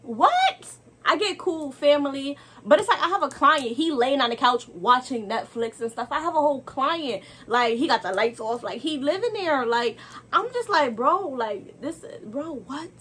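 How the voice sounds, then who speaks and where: A young woman telling a casual storytime to camera, animated and exasperated, throwing rhetorical asides to viewers. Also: high-pitched, normal speed, a little hiss or hum.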